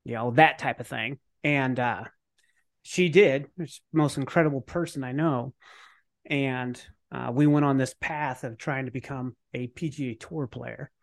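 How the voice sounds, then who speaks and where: A man's voice: mid-range voice, measured pace, vocal fry. A man talking casually as a podcast guest, telling a personal story with fillers and the odd curse word. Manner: animated, acts out his own thoughts in quotes; casual, with fillers and occasional cursing. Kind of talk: conversational storytelling.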